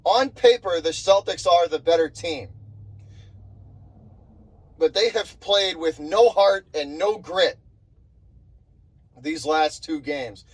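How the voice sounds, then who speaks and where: A man's voice: fairly high pitch, slow pace, pauses often, low-quality recording. A young man ranting angrily about his basketball team, swearing and repeating himself in exasperation. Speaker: sports vlogger. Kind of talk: fired-up sports rant.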